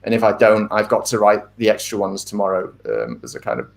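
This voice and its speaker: Thoughtful man speaking in measured asides. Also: fairly low pitch, very animated, vocal fry. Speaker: author being interviewed. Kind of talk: casual interview talk.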